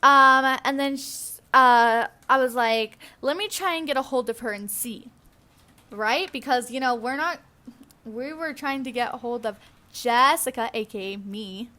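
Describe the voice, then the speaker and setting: A young woman narrates her gaming story in a loose, chatty way, full of fillers and restarts. Her voice sits a little high and sounds bright. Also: unhurried. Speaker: gaming YouTuber. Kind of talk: casual commentary over gameplay.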